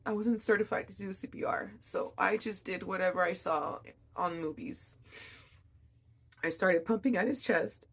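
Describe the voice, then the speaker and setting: A young woman, a mother, telling a personal story in an emotional, halting way with many restarts. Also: fairly low pitch, a bit bright, husky. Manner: emotional, reliving events.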